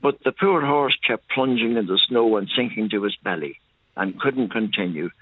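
Older man, Irish accent from Monaghan, fairly low voice, unhurried storyteller, tinny phone line. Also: no room sound. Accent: Irish, County Monaghan. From Ireland. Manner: unhurried, detailed storyteller who digresses. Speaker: caller. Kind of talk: telling a story on a radio call.

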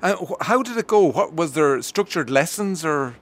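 A man hosting a radio talk show, interviewing his guest in a lively, teasing way and stumbling over words now and then. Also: on the high side, normal speed.

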